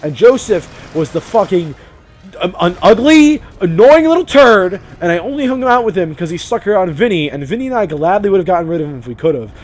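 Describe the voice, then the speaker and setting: Rambling, profane young man with a lively voice. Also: sits high. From Vermont, US. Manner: rambling, profane, self-deprecating, quick to laugh. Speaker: let's play commentator. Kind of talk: rambling casual commentary over gameplay.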